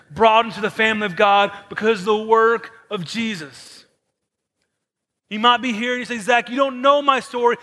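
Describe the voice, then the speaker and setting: Bright, high-voiced male pastor preaching. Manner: dramatic preaching, shifting between soft hushed lines and raised emphatic ones. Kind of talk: sermon. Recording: long hall reverb.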